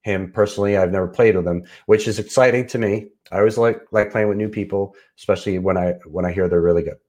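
Easygoing low-voiced man, halting speech. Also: steady tone, darkish tone. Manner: hesitant, many fillers and restarts, easygoing. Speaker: podcast co-host. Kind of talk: casual chat.

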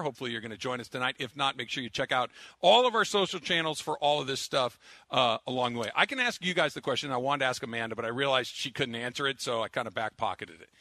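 Bright-voiced radio host, loose banter. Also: male voice, medium pitch, no room sound. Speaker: radio sports show host. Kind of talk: casual radio show chat.

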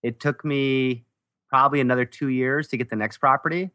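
Older male guest, bright tone, dry close sound, joking storyteller. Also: medium pitch, fairly even intonation, brisk, no room sound. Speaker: guest landlord. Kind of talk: casual podcast chat.

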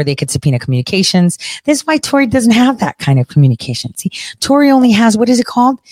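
A woman's voice: on the low side, darkish tone, dry recording. A woman giving casual, rambling political commentary in a blunt, indignant and profane way.

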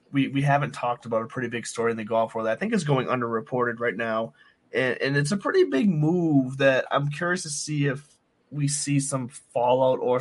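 A man co-hosting a sports podcast in casual chat, teasing and laughing easily. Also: medium pitch. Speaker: podcast co-host.

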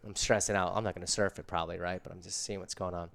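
A man's voice: sits low, steady tone, very fast, creaky, fairly bright tone. A middle-aged man casually telling a story in laid-back, slangy surfer talk.

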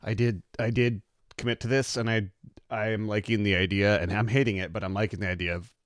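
A man with a slightly low voice hosts in an easygoing way, moving the chat along from one topic to the next. His voice is close and dry. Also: steady tone, fairly quick, dry recording. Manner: easygoing, steers the conversation. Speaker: podcast co-host. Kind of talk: casual chat.

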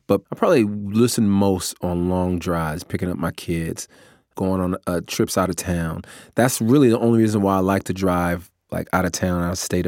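A man's voice: deep voice, a little mellow, dry recording, clean studio sound. A man, an author, talking casually about recording his own audiobook, easygoing and joking about himself with frequent laughs. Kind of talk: casual reflective talk.

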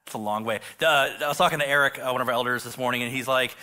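A middle-aged male pastor preaching a casual sermon, joking and filling pauses with restarts. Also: mid-range voice, fairly even intonation, pushed and bright. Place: church stage.

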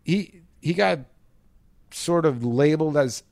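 A man co-hosting a podcast, telling a rambling, profane anecdote in a loose, animated way. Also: on the high side, takes it slowly, vocal fry, dry recording. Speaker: podcast co-host, former pro ballplayer. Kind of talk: casual storytelling chat.

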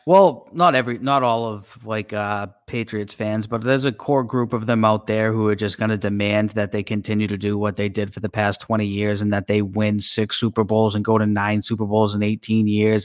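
A man co-hosts a casual sports podcast, speaking plainly and agreeably. His voice is on the low side. The sound is dry and close. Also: no echo. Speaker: podcast co-host.

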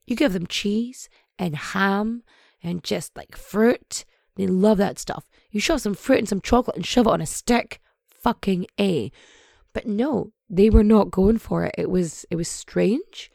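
Hoarse, husky woman podcast host. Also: mid-range voice, darkish tone, no room sound, studio quality. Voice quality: nasal and husky. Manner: swears freely, rambling and jokey. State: hoarse, voice partly gone. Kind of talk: casual, irreverent podcast chat.

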